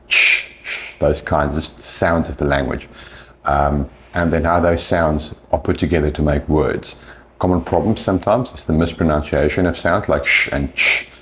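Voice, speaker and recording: Very deep-voiced male English teacher. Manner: patient, demonstrates sounds slowly. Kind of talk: explanatory talk on pronunciation.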